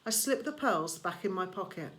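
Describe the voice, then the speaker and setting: A woman reading a novel aloud in first person, measured and expressive. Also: on the low side, slight background noise. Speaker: audiobook reader.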